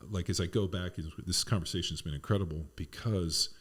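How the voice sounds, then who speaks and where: A man's voice: low voice, brisk, a bit bright, husky. A middle-aged man hosting a podcast, talking in a loose, rambling way with fillers and casual swearing. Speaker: podcast host and strength coach.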